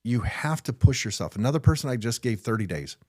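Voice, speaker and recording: A man's voice: mid-range voice, very animated, fast talker, a little mellow. A middle-aged man hosting a podcast, giving a blunt, frustrated motivational talk off the cuff, often repeating his first words as he starts a sentence. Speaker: podcast host. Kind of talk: unscripted motivational monologue.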